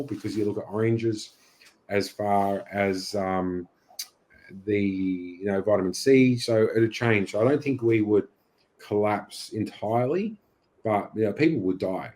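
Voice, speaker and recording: An Australian man, a beekeeper being interviewed on a podcast, speaking casually and haltingly with many fillers. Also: on the low side, dark tone. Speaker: beekeeper guest.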